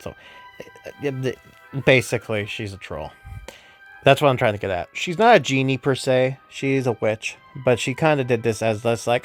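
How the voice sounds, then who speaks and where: A man's voice: medium pitch, normal speed, faint music behind. A man casually recapping a game story as a YouTuber, rambling with many fillers and self-corrections. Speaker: gaming YouTuber.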